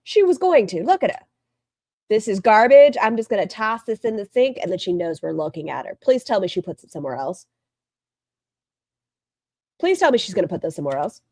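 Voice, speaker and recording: A woman streamer talks in a blunt, mocking way and swears freely. Her pitch jumps around a lot. The sound is close and dry, with no room around it. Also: big pitch swings, brisk, pauses often, dark tone, dry recording. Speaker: streamer reacting to another stream. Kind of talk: casual commentary.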